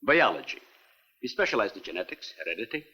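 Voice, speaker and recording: A man's voice: fairly low pitch, sing-song, fast talker, bright, forceful tone, husky, long reverb tail, heavily acted. A middle-aged actor playing an earnest older scientist and father in a 1950s film, formal and explanatory in manner. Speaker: scientist running an island lab.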